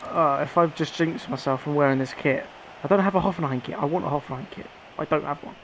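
A young man doing live commentary on a football video game, urging on his players and shouting when they score or miss. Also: on the high side, quick pace, a little hiss or hum. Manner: excitable, shouts at players, swears. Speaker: gaming streamer.

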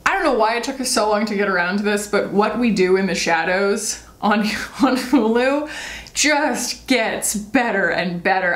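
A woman's voice: medium pitch, fairly bright tone. A woman in her thirties chatting casually about her monthly favorites as a beauty vlogger, rambling and self-deprecating. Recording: roomy echo.

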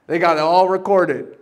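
A man preaching a sermon, animated and dramatic, acting out voices and swinging from loud bursts to hushed tones. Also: high voice. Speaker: pastor. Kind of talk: sermon storytelling. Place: church service.

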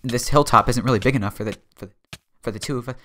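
A man's voice: medium pitch, fast, fairly bright tone, a little hiss or hum. Joking young man narrating his game.

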